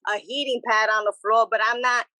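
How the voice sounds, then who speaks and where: Lively bilingual woman, bright voice. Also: on the high side, brisk, dry recording, poor audio. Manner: animated, switches between English and Spanish, repeats phrases. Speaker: podcast guest. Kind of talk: casual chat.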